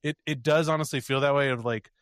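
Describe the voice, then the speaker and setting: A man's voice: medium pitch, steady tone, fast talker, smooth, no echo, studio quality. A man co-hosting a podcast, chatting with enthusiasm and scattering "like" through his sentences. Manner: enthusiastic, full of "like" fillers. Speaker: podcast co-host. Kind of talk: casual chat.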